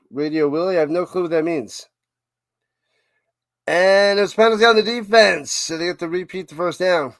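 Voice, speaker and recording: Excitable New York man calling plays. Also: on the high side, dry recording. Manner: excitable calls, chatty asides to viewers. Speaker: watch-party streamer and play-by-play caller. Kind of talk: live stream play-by-play and chat reading.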